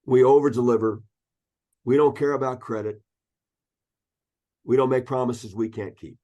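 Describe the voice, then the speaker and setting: A man's voice: mid-range voice, fairly even intonation, moderate pace, mellow. Storytelling man in his sixties. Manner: anecdotal, acts out quoted voices. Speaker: ecologist guest. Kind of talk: storytelling interview.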